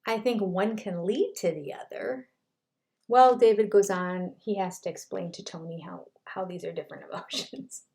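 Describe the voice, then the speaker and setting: A woman's voice: mid-range voice, normal speed, darkish tone. An older woman reviewing a reality show in casual commentary, retelling scenes in a chatty way and quoting what people said.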